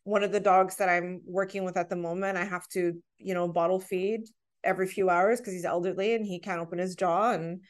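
A woman's voice: on the low side, fairly even intonation, brisk. A woman in her thirties, a podcast guest, talking in an earnest, heartfelt way as she tells personal stories in a casual conversation.

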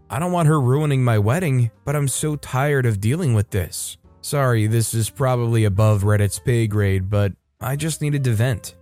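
A man narrating a Reddit post in a steady, even reading. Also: medium pitch. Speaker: story narrator.

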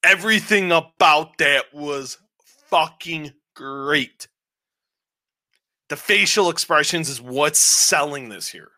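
Bright-voiced man rambling through a review. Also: a little high, takes it slowly. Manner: rambling, animated recaps with frequent swearing. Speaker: podcast co-host. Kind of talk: casual show review chat.

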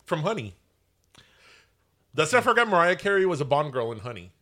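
Bright excitable podcast host man. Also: fairly high pitch, brisk. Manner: excitable, laughs a lot, mixes in Spanish. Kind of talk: casual chat.

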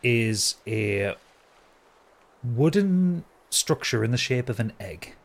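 A man narrating a tabletop game as game master, relaxed, with many ums as he describes the scene. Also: mid-range voice, takes it slowly.

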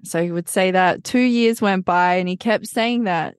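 A woman's voice: fairly low pitch, normal speed, hardly any pauses, clean tone, dry recording, clean studio sound. A woman guest on a podcast, speaking reflectively and telling her story in a casual conversational way. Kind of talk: casual interview chat.

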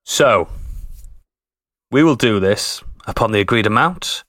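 A man's voice: lowish voice, lively intonation, a little slow, a bit bright, no echo, clean studio sound. A man playing in a tabletop game, joking and chatting casually. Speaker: player.

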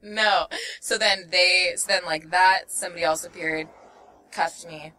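Bright-voiced young woman telling a rambling story. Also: fairly low pitch, fairly even intonation, unhurried, distant mic. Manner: rambling, full of fillers, laughs often, acts out quotes. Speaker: guest. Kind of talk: casual storytelling chat.

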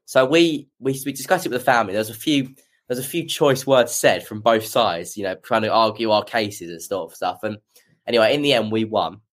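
A man's voice: on the low side, a little fast. A young man telling a rambling anecdote in a casual chat. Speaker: guest football fan. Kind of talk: casual storytelling.

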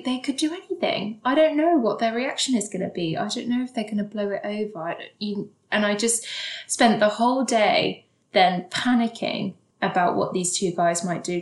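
A woman candidly telling a personal story in a casual, animated way, with some swearing and acted-out quotes. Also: mid-range voice. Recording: echoey room.

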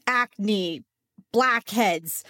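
Upbeat woman co-host, mid-pitched, dry studio sound. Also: very slow, bright, forceful tone, no room sound. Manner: upbeat, enthusiastic interviewer. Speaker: podcast co-host. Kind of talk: casual podcast chat.

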